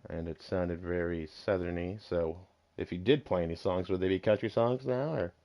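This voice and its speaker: A man hosting a casual podcast, relaxed and joking, with plenty of ums. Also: low-pitched. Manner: relaxed, joking, drawn-out fillers. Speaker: podcast host. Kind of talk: casual chat. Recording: dull lo-fi home mic.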